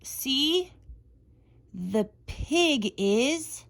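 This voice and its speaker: A woman's voice: sits high, expressive, vocal fry, background noise. A woman speech therapist leading a playful lesson for toddlers, making animal sounds and drawing out her words. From United States. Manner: exaggerated, playful, drawn-out words. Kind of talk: slow, sing-song kids' lesson with animal sounds.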